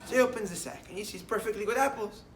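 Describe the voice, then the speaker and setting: Rabbi telling a story in an echoey room. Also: male voice, high-pitched, rapid-fire, far from the mic, slight background noise. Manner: mixes Hebrew terms into English, storytelling, rising to emphatic declarations. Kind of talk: short morning sermon with a story.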